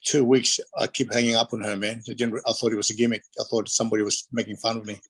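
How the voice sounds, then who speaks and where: A man's voice: lowish voice, level tone, fast, slightly rough, poor audio. A middle-aged Australian man, a retired wrestler, casually telling rambling anecdotes in an interview and acting out the voices of people in his stories.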